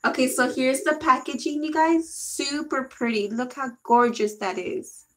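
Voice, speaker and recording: A woman's voice: high-pitched, measured pace, a bit bright, slight background noise, low-quality recording. A young woman gushing and giggling through a casual makeup haul video. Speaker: beauty vlogger.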